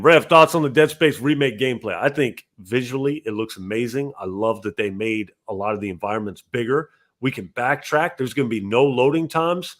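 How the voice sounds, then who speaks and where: A man hosting a casual gaming podcast and reading out viewer donations, with animated talk that jumps from loud bursts to low mutters. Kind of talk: casual chat.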